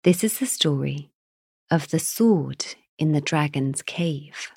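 Low husky woman reading a fairy tale. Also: expressive, slow, darkish tone, dry recording, studio quality. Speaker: storyteller. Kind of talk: storybook narration.

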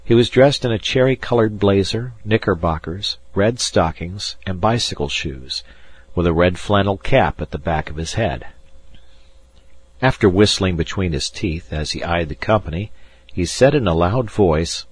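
A man reading a novel aloud as an audiobook narrator, unhurried and giving each character a voice. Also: sits low, expressive, husky, no room sound.

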